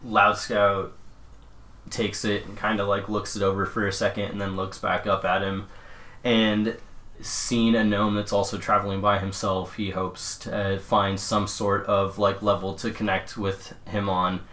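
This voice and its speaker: A man's voice: lowish voice, little pitch movement, measured pace, a bit bright. A man casually describing his character's actions in a tabletop game, easygoing with fillers. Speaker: player.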